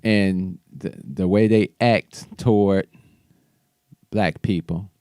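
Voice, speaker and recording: A man's voice: low-pitched, steady tone, takes it slowly, a little mellow, smooth, dry recording, studio quality. A man hosting his own show, casually talking through political commentary in a loose, conversational way with restarts. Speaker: show host.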